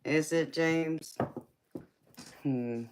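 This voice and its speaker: Very low, slow-talking playful woman. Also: darkish tone, a little hiss or hum. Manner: playful, teasing, calls viewers baby and sweetheart, laughs often. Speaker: tarot reader hosting a live stream. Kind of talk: casual live-stream chat with viewers.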